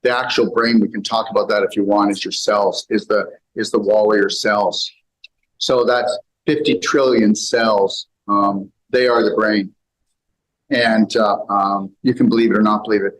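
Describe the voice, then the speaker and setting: A man speaking to a live audience in a seminar room, preachy and animated, swinging between loud and quiet. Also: lowish voice, moderate pace, poor audio. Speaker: health speaker.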